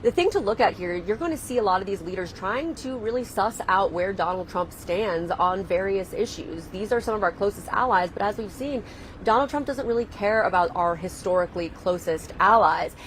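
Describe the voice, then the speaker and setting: Woman reporter, live report, steady delivery, light background noise. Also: mid-range voice, normal speed, poor audio. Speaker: correspondent.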